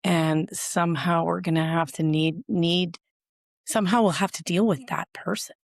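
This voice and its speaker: A woman host with a fairly low voice asks questions in a hesitant, searching way. Her speech sounds dry and close to the mic. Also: fairly even intonation, normal speed, creaky, no echo. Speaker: podcast host. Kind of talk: podcast interview.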